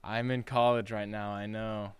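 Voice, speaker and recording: Young male streamer, dorm-room chat, smooth clear voice, dry close sound. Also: fairly low pitch, flat delivery, normal speed, no room sound. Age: young adult. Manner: chatty and scattered, laughing and reading chat aloud. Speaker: livestreamer. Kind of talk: casual live-stream chat. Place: his college dorm room.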